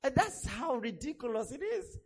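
Animated high-voiced male preacher. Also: normal speed, slightly rough. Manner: animated storytelling, acts out quoted voices. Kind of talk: sermon.

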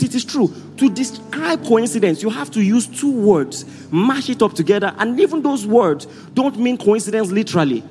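A man with a Nigerian accent preaching a sermon as pastor, leading the congregation in loud call-and-response. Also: high-pitched. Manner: rousing call-and-response, often shouting to the congregation. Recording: hall reverb with faint music.

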